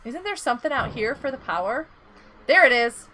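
A woman's voice: sits high, sing-song, brisk, bright, forceful tone, a little hiss or hum. A woman streaming a survival game, chatting playfully and giggling as she counts out her items. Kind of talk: casual gameplay chat.

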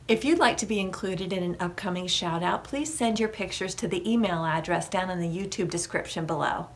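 A woman leading a children's library storytime, reading a picture book aloud in an animated, sing-song voice. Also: fairly low pitch, brisk, hardly any pauses, a little hiss or hum.

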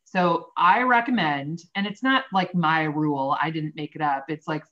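A woman's voice: deep voice, moderate pace, a bit bright, highs cut off. A woman host coaching real estate agents in a friendly, direct way on a video call. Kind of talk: casual interview chat.

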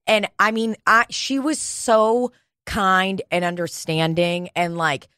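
A woman's voice: medium pitch, steady tone, slow pace, pushed and bright, smooth, no room sound, clean studio sound. A woman co-hosting a podcast, telling a story in casual, profane chat. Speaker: podcast co-host. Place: podcast studio.

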